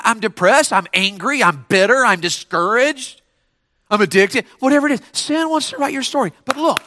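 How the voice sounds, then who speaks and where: A man's voice: extremely high pitch, pushed and bright, no room sound, studio quality. A man preaching to teenagers as a pastor, calling out to the crowd and repeating his points. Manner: preaching with call-and-response and repetition. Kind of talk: sermon to teenagers.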